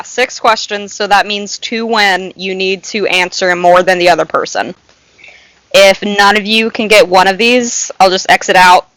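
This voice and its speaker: A woman's voice: medium pitch, a bit bright, no room sound, rough recording. A woman co-hosting a casual podcast and explaining a trivia game in a dry, matter-of-fact way. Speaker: podcast co-host running trivia.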